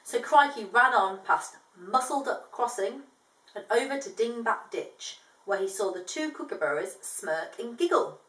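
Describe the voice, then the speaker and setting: A woman reads a children's picture book aloud with an animated lilt, her voice pitched fairly high. She pauses for friendly, chatty explanations between pages. The sound is roomy and echoey, as if she sits some way from the microphone. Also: distant mic. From from outside Australia, now living there. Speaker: storyteller reading a picture book.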